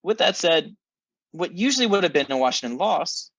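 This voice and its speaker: A man's voice: a little high, big pitch swings, moderate pace, fairly bright tone, no echo, highs cut off. A man co-hosting a casual sports podcast, ranting with wry self-mocking humor. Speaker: podcast co-host, football fan.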